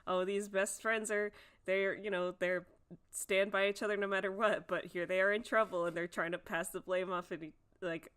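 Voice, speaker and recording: A woman's voice: medium pitch, steady tone, normal speed, fairly bright tone, smooth. Woman co-host, easygoing storyteller, rambling recap, laughing as she goes. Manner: chatty storyteller, many fillers and giggles. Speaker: podcast co-host. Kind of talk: casual chat.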